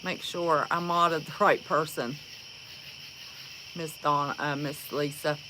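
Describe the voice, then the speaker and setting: Slow-talking woman livestreaming. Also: deep voice, fairly even intonation, background noise. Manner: chatty, greets viewers warmly, calls them honey. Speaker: livestream host. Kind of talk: casual livestream chat.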